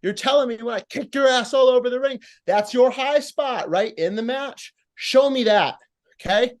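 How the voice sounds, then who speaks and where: Male competition judge, high voice, blunt coaching critique, acts out examples. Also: normal speed. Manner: blunt, coaching, acts out moves and lines, casual swearing. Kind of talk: live critique of wrestling promos.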